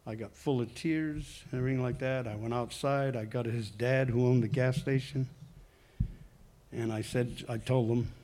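A man's voice: mid-range voice, steady tone, moderate pace, warm tone. A man giving a personal testimony to a congregation, talking conversationally in a rambling way and correcting himself as he goes. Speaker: church member giving testimony.

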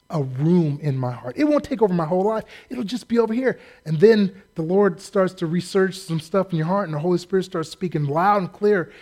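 Brief: male pastor with a high voice, folksy and lively, acting out the scripture as he preaches. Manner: folksy, animated, acts out quotes. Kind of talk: sermon.

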